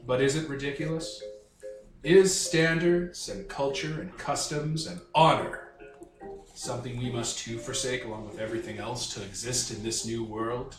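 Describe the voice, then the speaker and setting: Deep, grandiose undead knight lord, played by a man at a game table; roomy, off-mic sound. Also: fairly even intonation, moderate pace, slight background noise, close to an everyday voice. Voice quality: deep, theatrical. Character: menacing undead knight lord in a bucket helmet, melodramatic. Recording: echoey room, distant mic.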